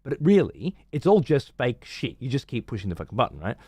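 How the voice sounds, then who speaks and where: Australian streamer, foul-mouthed rambling rant, dry close sound. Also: male voice, mid-range voice, sing-song, fast talker, warm tone, slightly rough, no room sound. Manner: profane, rambling, sarcastic. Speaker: livestreamer. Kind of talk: casual livestream rant.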